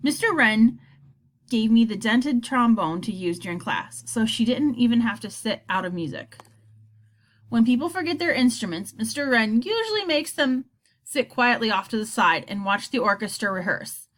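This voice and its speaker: A woman reading a children's novel aloud, telling the story in an expressive first-person voice. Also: on the high side, moderate pace. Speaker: audiobook reader.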